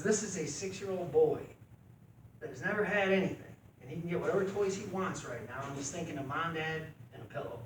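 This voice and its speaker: A middle-aged man telling an animated, folksy story at a club meeting. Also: on the high side. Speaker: club member. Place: meeting room. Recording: echoey room from far off, faint noise.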